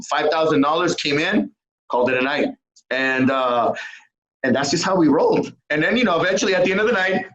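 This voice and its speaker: Animated storytelling man, slightly high voice. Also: poor audio. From California. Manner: animated storyteller, acts out both sides of exchanges. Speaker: guest, entrepreneur. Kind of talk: casual storytelling.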